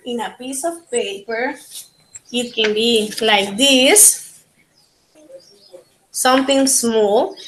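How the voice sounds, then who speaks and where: A woman with a Panamanian Spanish accent teaching an online linguistics class in English, her second language, repeating key points slowly. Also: fairly high pitch, bright, forceful tone, poor audio. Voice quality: slow, repetitive teaching delivery. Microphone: video call.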